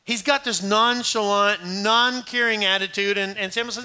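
A middle-aged man preaching a sermon, animated and acting out scripture scenes in different voices. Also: high voice, normal speed, clean tone. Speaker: pastor.

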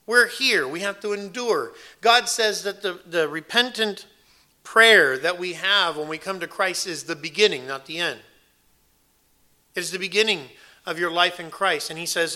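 A man's voice: sits high, normal speed, bright, forceful tone. A man preaching an earnest sermon, emphatic and repeating phrases for weight. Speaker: pastor.

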